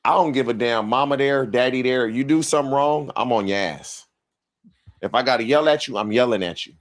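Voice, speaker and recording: Male panelist, plain-spoken coach type, blunt and steady. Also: mid-range voice, brisk. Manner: blunt, no-nonsense coach talk. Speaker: sports TV panelist. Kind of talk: sports debate show talk.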